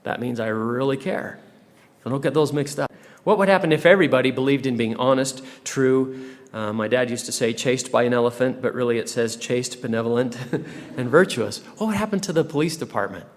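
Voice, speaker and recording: A man giving a humorous devotional talk to young people, full of rhetorical questions and playful asides. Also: medium pitch. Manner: joking asides, rhetorical questions, dramatic pauses. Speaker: church speaker. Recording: live talk in a large hall with long reverb.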